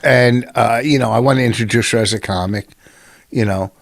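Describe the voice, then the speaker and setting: A man's voice: mid-range voice, brisk, no echo, studio quality. A man co-hosting a comedy podcast, telling long, rambling anecdotes in casual banter.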